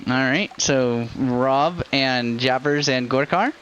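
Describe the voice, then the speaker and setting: A man narrating as the game master of a tabletop campaign, in a casual, relaxed way. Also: medium pitch, slow, muffled recording, slight background noise. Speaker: dungeon master.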